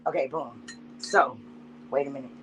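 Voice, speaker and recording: A woman with a bass voice talks casually at a moderate pace on a livestream, with slight background noise. She's blunt and profane, addressing her chat directly while getting herself together. She sounds loose and unprepared, pausing to fumble with things.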